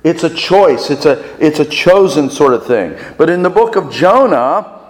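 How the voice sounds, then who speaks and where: A man preaching a sermon as pastor, deliberate and fond of rhetorical questions and repetition, in a reverberant church sanctuary. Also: on the high side, lively intonation.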